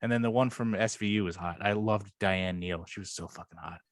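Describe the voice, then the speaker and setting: A man co-hosting a casual podcast chat, rambling and swearing freely, sometimes jumping higher to act out quotes. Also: a little fast, no room sound, studio quality. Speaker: podcast co-host.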